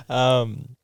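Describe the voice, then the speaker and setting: A young man hosting a casual podcast chat, relaxed and full of fillers like "like" and "man". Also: medium pitch, smooth, no echo. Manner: relaxed, filler-heavy, says "like" and "man" often. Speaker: podcast host.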